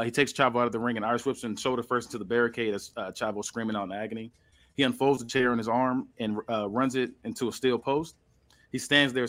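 A man's voice: medium pitch, fairly bright tone. A man casually recapping a match blow by blow, rambling with lots of fillers. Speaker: podcast host.

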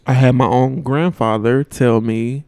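A man's voice: unhurried, no echo. Guy in his 30s chatting on a podcast, storytelling, throws his voice up for quotes, dry close sound. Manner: animated storytelling, acting out quotes with big pitch jumps. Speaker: podcast co-host. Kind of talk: casual chat.

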